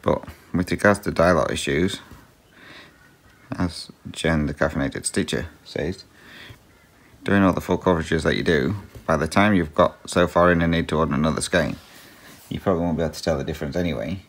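Speaking a little fast in a very deep voice, a cross-stitch vlogger rambles through viewer questions in a casual chat. Many ums and small laughs fill the answers, and a pet gets addressed in between.

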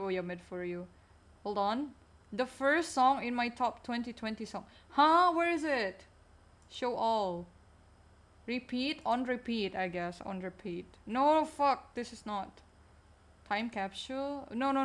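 A woman streamer chatting casually while gaming, answering chat in a chatty, distracted way. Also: a little high.

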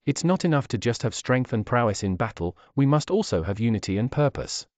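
A man voicing a gruff orc chief with a gravelly, booming voice. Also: very animated, brisk, a little mellow, no room sound, close to an everyday voice.

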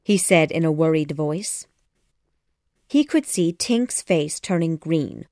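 A woman narrating a children's classic audiobook in a measured, expressive storytelling manner. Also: low voice, no echo, clean studio sound.

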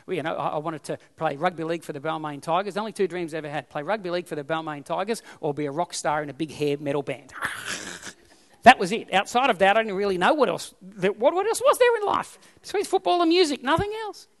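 A man's voice: a little high, fast talker, a bit bright, long reverb tail. An Australian man preaching a sermon as pastor, emphatic and repeating his key phrases.

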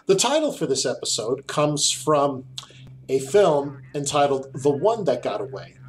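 A man's voice: a little high, very animated, unhurried, rough recording. A man from Queens hosting a podcast, chatting casually and reading an episode introduction, laughing often and tripping over names. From Queens, New York. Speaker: podcast host.

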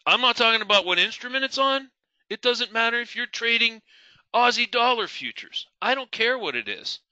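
A man's voice: very high-pitched, expressive, normal speed, bright, forceful tone, dry recording, muffled recording. A middle-aged man teaching a live trading webinar, asking the audience questions and repeating key words for emphasis. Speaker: trading instructor.

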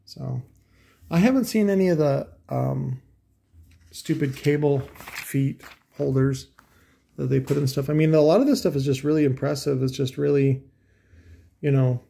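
Gravelly, dark-voiced man ranting casually. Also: medium pitch, moderate pace, long pauses. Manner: profane, sarcastic, full of asides. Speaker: host. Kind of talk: casual rambling commentary.

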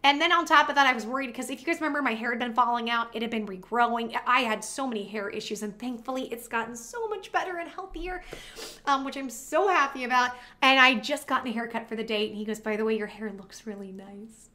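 A woman vlogger chats straight to her viewers in a high, lively voice. Her tone is bright and a little sharp, and she tells her story in an animated, casual way with quick asides.

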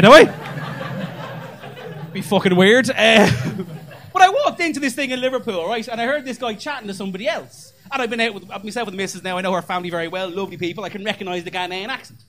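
High-voiced man doing profane stand-up. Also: a bit bright. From Ireland. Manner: conversational, profane, self-deprecating storytelling. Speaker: stand-up comedian. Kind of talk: stand-up comedy set. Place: comedy club stage.

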